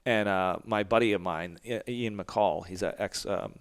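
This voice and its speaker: A forties-aged band frontman tells casual interview stories on a podcast, swearing often and acting out quotes with open candor. His voice runs on the low side, clear and resonant, at a moderate pace.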